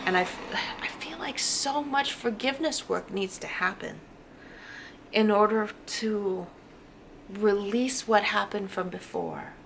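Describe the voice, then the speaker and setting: Woman, tarot reader, gravelly voice, animated casual talk, emphatic repetition. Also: medium pitch, a little slow, a little hiss or hum. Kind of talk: casual tarot reading to camera.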